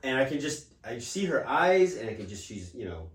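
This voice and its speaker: A man's voice: mid-range voice, very animated, moderate pace. A man co-hosting a podcast, chatting casually with teasing, joking banter. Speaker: podcast co-host. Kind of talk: casual chat. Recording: broken mic, roomy and distant.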